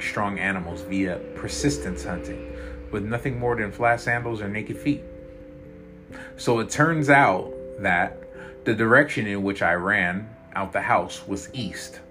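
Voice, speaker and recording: A man narrating a dark first-person story in a dramatic, intense way. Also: lowish voice. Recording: loud guitar music behind.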